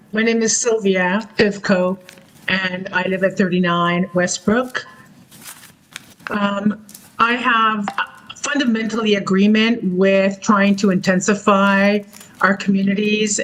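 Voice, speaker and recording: A woman speaking at a public hearing, polite and hesitant with many pauses. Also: medium pitch, poor audio.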